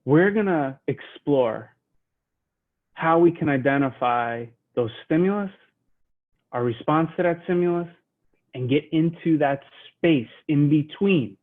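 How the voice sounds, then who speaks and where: A man teaching a leadership lesson, guiding listeners through a slow mindful breathing exercise and speaking in a soothing manner. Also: on the high side. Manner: slow, soothing, drops to a hush while counting breaths. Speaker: leadership trainer. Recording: tinny phone-like sound.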